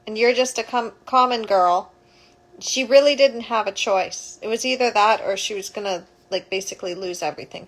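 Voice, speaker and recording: A woman's voice: fairly high pitch, a bit bright, low-quality recording. Rambling woman retelling a story. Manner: rambling, self-correcting. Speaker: childbirth educator. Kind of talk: casual storytelling.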